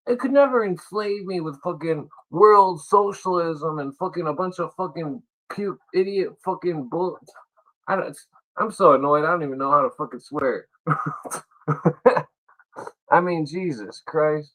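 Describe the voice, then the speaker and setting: A man's voice: fairly high pitch, measured pace, a bit bright, poor audio. A man hosting a livestream, delivering an angry, sarcastic political rant full of swearing. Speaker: livestream host.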